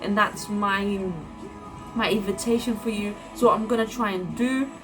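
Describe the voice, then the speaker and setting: A woman's voice: medium pitch, steady tone, measured pace. A woman giving an informal devotional message, earnest and encouraging, often repeating words and using fillers as she speaks. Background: background music.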